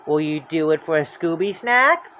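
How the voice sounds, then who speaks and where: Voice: medium pitch, expressive, moderate pace, bright, forceful tone, slight background noise. A storybook reader voicing a smart, practical young woman laying out a plan in a plain, instructive way.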